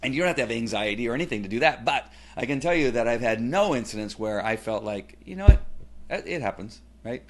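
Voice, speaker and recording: A middle-aged man giving a casual personal testimonial, rambling with many fillers and restarts and growing animated when he retells family scenes. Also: mid-range voice, quick pace, hardly any pauses. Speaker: testimonial speaker.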